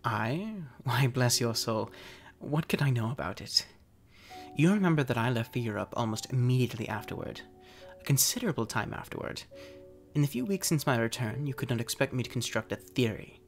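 A man's voice: medium pitch, animated, fairly quick, soft background music, close to an everyday voice. A man doing a nervous, haunted patient. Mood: evasive. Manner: defensive, evasive, rising to shouts. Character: nervous guilt-ridden man haunted by a dog.

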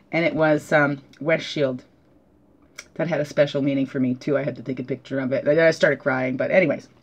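A woman acting as a spiritual teacher, giving a casual weekly oracle card reading. She reflects aloud, asks many questions, often adds "right?", and jokes gently at her own expense. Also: medium pitch. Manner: gently joking, laughs at herself. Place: at home.

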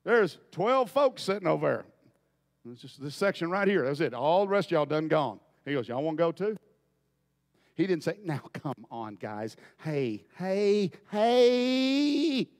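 A man preaching a folksy storytelling sermon, dropping to quiet asides and then bursting into loud shouts. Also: on the high side, big pitch swings, normal speed, in a large hall.

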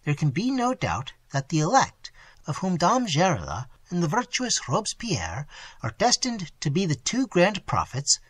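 A man voicing an eighty-one-year-old woman, a credulous zealot who talks in hushed, earnest confidences. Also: high voice, huge pitch swings, normal speed, breathy edge, no echo, pitched above the performer's own voice, heavily acted. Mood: confiding.

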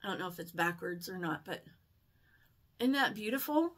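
A woman chatting casually in a shopping haul vlog, telling stories in an excitable, chatty way. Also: on the low side, normal speed. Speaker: haul vlogger. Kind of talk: casual chat.

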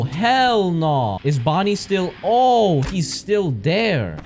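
A young man with a high, wildly swinging voice calls out each moment of a horror game, hyper and loud, cursing as he goes. Eerie game ambience hums clearly behind his speech. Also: big pitch swings, very slow, hardly any pauses, a little hiss or hum. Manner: hyper, jumpy, loud reactions and swearing. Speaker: gaming channel host. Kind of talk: horror game let's play commentary.

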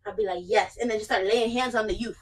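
A woman's voice: medium pitch, steady tone, fast talker, slightly rough, rough recording. A young woman chatting casually and playfully in a clothing try-on vlog, with joking asides. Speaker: vlogger.

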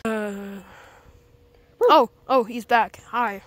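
A woman's voice: on the high side, drawn-out words, dry recording. A woman voicing a young dog owner who chats and guesses in a rambling, puzzled way, in a fan plush video.

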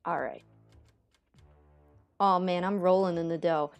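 A woman's voice: on the low side, fairly even intonation, unhurried, dry recording, soft background music. A woman playing a video game and chatting casually, joking and reading game text aloud. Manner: joking, reads game text aloud, sudden playful voices. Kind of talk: casual let's-play commentary.

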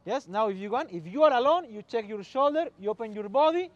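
High-voiced man coaching on a pitch. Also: animated, fast, dry recording, highs cut off. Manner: short commands, calls out to players, mixes in Spanish. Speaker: football coach. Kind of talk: on-field coaching demonstration.

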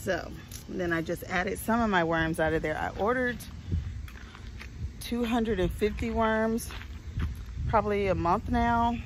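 Slow-talking woman touring her garden. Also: mid-range voice, slight background noise, rough recording. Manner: chatty, folksy, with frequent ums. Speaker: homestead vlogger. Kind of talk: casual garden walkthrough. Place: outdoors in a home garden.

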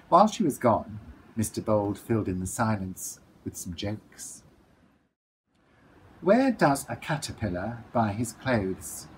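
A man's voice: fairly low pitch, a little hiss or hum, poor audio. Man reading a storybook aloud. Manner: playful, lively storytelling. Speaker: author reading his book.

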